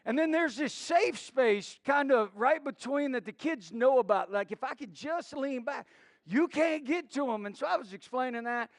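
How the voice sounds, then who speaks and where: Man preaching, high voice, dry close sound, middle-aged, storytelling with restarts. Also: normal speed, hardly any pauses, no room sound. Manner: storytelling with many restarts and acted quotes. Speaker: pastor. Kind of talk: sermon.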